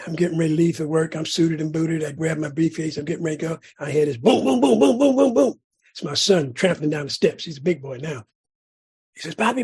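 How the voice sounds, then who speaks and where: Brief: middle-aged man, deeply husky, from California, recovery-meeting speaker, dramatic and repetitive. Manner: dramatic storyteller, repeats phrases for emphasis. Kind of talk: personal recovery story share.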